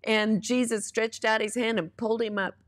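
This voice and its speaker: A woman's voice: fairly high pitch, level tone, moderate pace. A woman minister preaching in a conversational way, telling testimony stories and weaving in scripture with earnest conviction.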